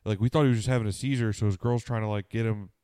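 A man's voice: on the low side, fairly even intonation, racing, mellow, smooth, dry recording. A man co-hosting a casual podcast, telling a long story with lots of swearing and fillers, tired and sniffly. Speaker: podcast co-host.

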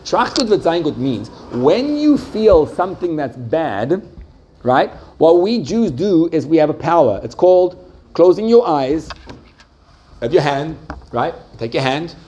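A man's voice: fairly high pitch, big pitch swings, normal speed, mellow, slight background noise. Man teaching a class with probing questions. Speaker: religious teacher. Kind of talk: interactive Jewish class.

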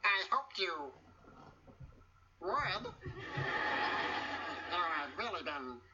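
A man's voice: sits high, sing-song, drawn-out words, heavy background noise, full character voice. A man voicing a goofy male woodchuck puppet that keeps making wood puns, heard in a muffled old TV clip from a distance. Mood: playful. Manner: punning, playful.

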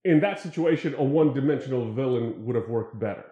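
A man's voice: medium pitch, fast talker, mellow, reverberant, muffled recording. A man in casual chat about films, hesitant, full of restarts, swearing casually.

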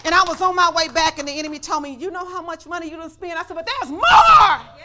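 A woman pastor preaching a sermon in church, telling a personal story and building up to shouts of praise. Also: extremely high pitch, steady tone, rapid-fire, noisy background.

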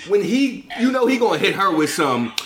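A man's voice: sits high, big pitch swings, moderate pace, fairly bright tone, echoey room. A man in a casual movie-talk chat who rambles and stalls with fillers while he searches for words. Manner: rambling, hesitant, with filler sounds.

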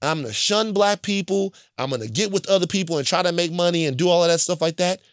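A man's voice: sits high, fast, no room sound, studio quality. A man from Louisiana telling stories in a casual chat, blunt and emphatic, often checking in with "right?". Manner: profane and blunt.

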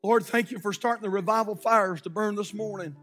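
A pastor with a strikingly high, bright voice. He tells a story from the pulpit with dramatic swings, dropping to a hush and then rising to shouts. His preaching moves into heartfelt prayer. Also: a little fast, faint music behind. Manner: dramatic preaching with sudden hushed drops and shouted peaks. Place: church pulpit.

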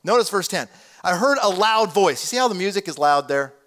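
Animated man preaching. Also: high-pitched, brisk. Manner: animated, conversational preaching with asides to the congregation. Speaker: pastor. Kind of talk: sermon.

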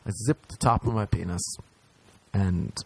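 Male stand-up, lowish voice, crude confessional storyteller who acts out every line. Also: a little mellow. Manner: crude, self-mocking, acts out scenes in quick voices. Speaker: stand-up comedian.

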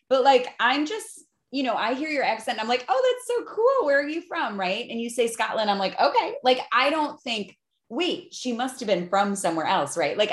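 A woman's voice: on the high side, fairly bright tone, roomy sound. A woman in her fifties with a Chicago accent, hosting a casual interview with enthusiasm and frequent laughter. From Chicago area. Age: 50s. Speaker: podcast host.

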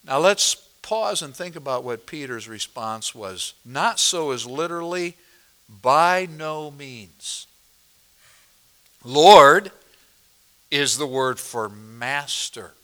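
A pastor preaching a sermon, explaining a passage verse by verse and asking the congregation questions, moving between loud emphasis and quiet asides. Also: male voice, medium pitch, lively intonation, unhurried, hardly any pauses. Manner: expository, asks the congregation questions.

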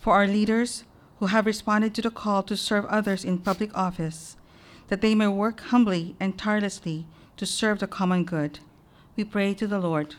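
A woman's voice: mid-range voice, fairly even intonation. Woman reading the prayers of the faithful. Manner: measured liturgical reading. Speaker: lector reading intercessions.

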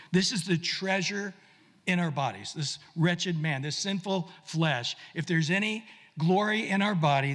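A man's voice: on the high side, a bit bright, in a large hall. A man preaching a sermon as pastor, emphatic, repeating words and asking the congregation questions.

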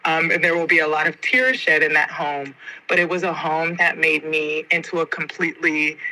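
A young adult woman from the United States, a podcast guest telling a personal story in an expressive, slangy, heartfelt way. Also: deep voice, normal speed, low-quality recording. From United States (Georgia).

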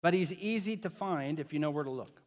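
A man's voice: a little high, fairly quick, long reverb tail. A pastor preaching a sermon to his congregation in a casual, conversational way, often joking with the kids and parents.

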